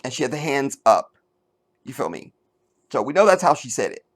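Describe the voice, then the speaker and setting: A middle-aged man hosting a commentary show, reading an article aloud and mocking it with sarcasm, jumping between loud outbursts and low mutters. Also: sing-song, fairly quick. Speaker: commentary channel host.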